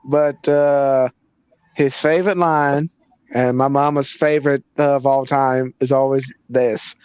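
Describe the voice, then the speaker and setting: Guy hosting a stream chat, slow and halting with lots of uhs, dry muffled lo-fi mic. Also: medium pitch, fairly even intonation, darkish tone, clean tone, dry recording. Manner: hesitant, many fillers. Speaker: host. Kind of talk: casual chat on a live stream.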